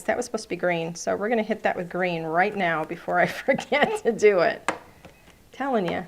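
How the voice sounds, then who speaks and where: A woman's voice: mid-range voice, moderate pace, vocal fry, a little hiss or hum. A woman hosting a live cardmaking class, chatting playfully as she narrates each step of her work. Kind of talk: live crafting demonstration.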